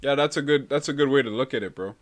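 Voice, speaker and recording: A young man from Canada talks fast while hosting a chill live stream, answering viewer comments in loose, easygoing chat. His pitch falls in a normal middle range for a man, and his laid-back style works "bro" into almost every thought.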